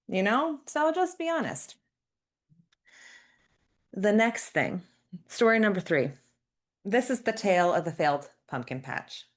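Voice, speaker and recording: A woman podcast host telling personal stories in a chatty, self-deprecating way. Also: medium pitch. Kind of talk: personal storytelling monologue.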